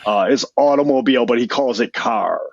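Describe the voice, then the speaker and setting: A man who is a guest and a father, talking in a halting way and searching for his words. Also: medium pitch, creaky. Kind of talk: casual interview talk. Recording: dull muffled audio.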